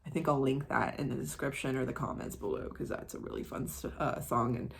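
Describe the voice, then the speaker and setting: A woman's voice: a bass voice, fairly even intonation, brisk, vocal fry. An American woman chatting casually in her art vlog, rambling through side stories and swearing offhandedly. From United States. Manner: rambling, full of tangents and asides. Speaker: art vlogger. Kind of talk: casual chat.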